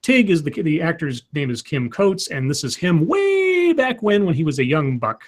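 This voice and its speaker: A man's voice: on the high side, sing-song, normal speed. A man co-hosting a casual chat, retelling a movie scene by scene with lots of restarts and acted-out quotes. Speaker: podcast co-host recapping a movie.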